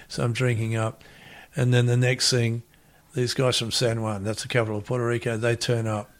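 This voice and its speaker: A man's voice: mid-range voice, normal speed. Rambling Australian man telling stories. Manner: rambling, animated storyteller acting out quotes. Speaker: interview guest. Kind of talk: casual anecdote telling.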